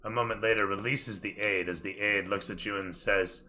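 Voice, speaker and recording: Male game master, tabletop narration, bright voice, hurried, self-correcting, swears casually. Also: fairly low pitch, fairly even intonation.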